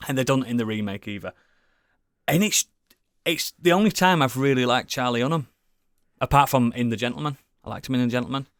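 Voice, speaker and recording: In clean studio sound with no echo, a British man with a mid-range voice speaks a little fast while co-hosting a casual podcast. He rambles enthusiastically, swearing a lot and frequently restarting.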